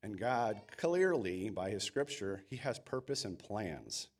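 A man's voice: on the low side, sing-song, a little slow. A man preaching a sermon in an earnest, emphatic way, sometimes acting out quoted voices. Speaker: pastor.

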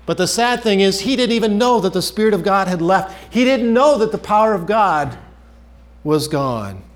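A man preaching a sermon in an earnest way, repeating key phrases and dropping his voice low at the ends of phrases. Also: lively intonation, normal speed.

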